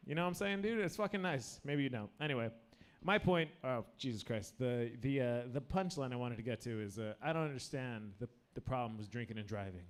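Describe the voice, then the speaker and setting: On stage at an open mic, a slightly drunk American man rambles through crude stand-up, clutching a handheld mic and regularly stopping mid-sentence. He talks fast, with a smooth, medium-pitched voice.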